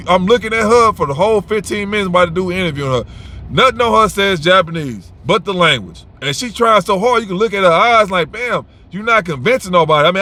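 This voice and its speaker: A man giving blunt opinions in a casual, animated way, with everyday slang. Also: high voice, slight background noise.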